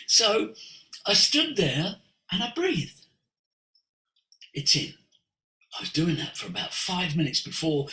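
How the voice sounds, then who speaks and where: An older man speaks as a voice coach in an animated storytelling manner. His voice is bright and high for a man, and it ranges widely in pitch, from hushed asides to exclaiming. The recording sounds roomy, with audible echo. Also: takes it slowly, pauses often. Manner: expressive, with big swings between hushed and exclaiming.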